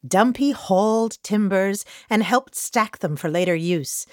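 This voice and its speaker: A woman reading a children's picture book aloud with a co-reader, animated and playful. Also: mid-range voice, measured pace, no echo, studio quality. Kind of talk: children's storybook read-aloud.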